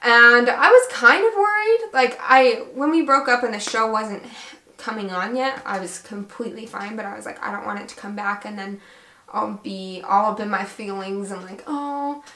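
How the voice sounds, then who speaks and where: A young woman vlogger casually recounting a story, chatty and animated, acting out quoted dialogue. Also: medium pitch, moderate pace, echoey room.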